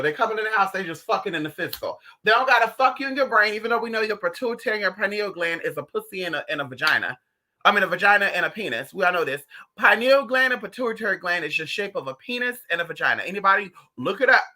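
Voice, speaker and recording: A livestream host telling gossipy stories in a profane, animated way, talking straight to the viewers. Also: medium pitch, fast talker. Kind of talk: casual livestream chat.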